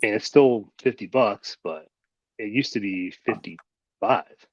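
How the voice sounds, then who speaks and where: A man's voice: lowish voice, takes it slowly, breathy edge, no room sound. Man host, casual rambling chat, swears a lot, dry and lo-fi sound. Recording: dull lo-fi audio.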